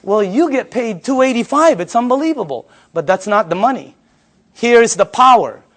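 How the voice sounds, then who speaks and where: High-voiced, animated man giving a sales pitch. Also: normal speed. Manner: animated storyteller, echoes audience answers back. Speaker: sales presenter. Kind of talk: sales pitch to a live audience.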